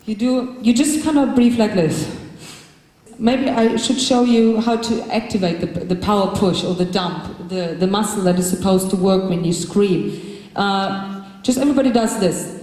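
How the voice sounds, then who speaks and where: Woman vocal coach, live workshop in a big hall, instructive delivery with sudden demonstration shouts, very reverberant room sound. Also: mid-range voice, normal speed. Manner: instructive, breaks into loud demonstration shouts and growls. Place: large hall with a live group. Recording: very echoey hall from a distance.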